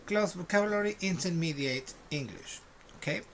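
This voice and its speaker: Man teaching a slow English class. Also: high voice, expressive, a little hiss or hum. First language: Spanish. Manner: slow, repeats words for learners to copy. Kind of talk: recorded online class.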